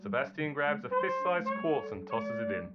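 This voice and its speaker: A man narrates a storybook tale with theatrical animation. His pitch moves lively across a wide range. The recording is dull, with loud plucked guitar beneath. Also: normal speed.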